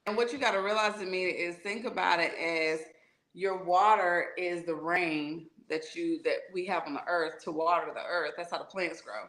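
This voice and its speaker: A woman with a lower voice talks in easy, encouraging tones, giving homey advice with playful asides. Her voice rings around a roomy, echoey space as she chats with a co-host about spiritual matters. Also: fairly even intonation, normal speed, a bit bright. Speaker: podcast co-host. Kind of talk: casual spiritual chat. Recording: roomy echo.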